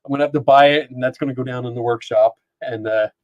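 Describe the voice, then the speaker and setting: A man's voice: mid-range voice, fairly even intonation, fast, dull audio, a crowd in the background. A man hosting a live stream from a home studio, chatting casually and reading comments aloud, often laughing and rambling. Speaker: podcast host. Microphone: dynamic microphone.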